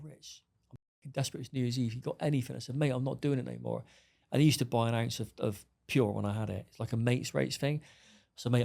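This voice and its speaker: Blunt and profane, a middle-aged man recounts his story on a podcast interview, performing the dialogue himself. His medium-pitched voice is gravelly with a darkish tone.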